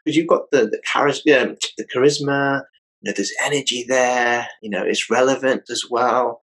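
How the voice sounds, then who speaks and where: A man's voice: mid-range voice, fairly even intonation, moderate pace, fairly bright tone, rough recording. A British man hosting a casual interview, rambling a little and often saying "you know.". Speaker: podcast host.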